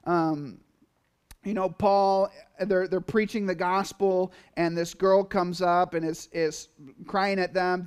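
Pastor, male, higher-pitched voice, casual sermon delivery with playful acted-out asides. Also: slow, clean tone. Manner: conversational, animated, acts out quotes in asides.

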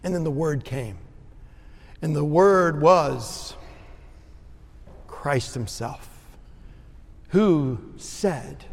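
A man preaching a sermon as pastor in a church sanctuary, his delivery swinging between ringing emphasis and hushed tenderness. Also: on the high side, lively intonation, very slow, pauses often. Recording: long reverb of a large sanctuary.

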